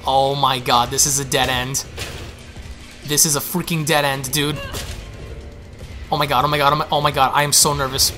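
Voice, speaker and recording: A young man giving excitable, panicky let's play commentary, repeating himself as he goes. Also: medium pitch, normal speed, long pauses, faint music behind. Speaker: gaming streamer.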